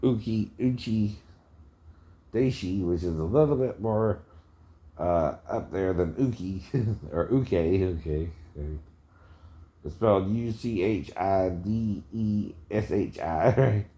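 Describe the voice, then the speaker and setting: Slow, low-voiced man chuckling as he rambles. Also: mellow. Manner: chuckles often, keeps asking "right?". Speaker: video commentator. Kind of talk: rambling commentary.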